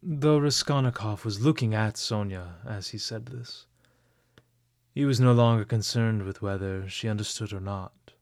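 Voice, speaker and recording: A man narrating a classic novel as an audiobook in a measured, somber reading. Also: on the low side, darkish tone, no room sound, clean studio sound.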